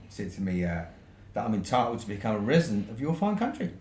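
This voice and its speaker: A man's voice: on the low side, expressive, fast, darkish tone. A man from the UK with a British accent, a podcast guest telling a long story in a casual way, swearing freely and ending points with "right?". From United Kingdom. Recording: roomy echo with faint noise.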